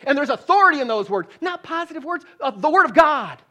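A fast-talking preacher with big pitch swings ranges from loud, emphatic climaxes to low, hushed storytelling. He repeats words frequently as he restarts.

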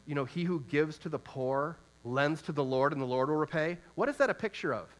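Male preacher, higher register, earnest sermon delivery with scripture quotes and rhetorical questions. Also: lively intonation. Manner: swells from soft, slow reflection to loud emphatic urging.

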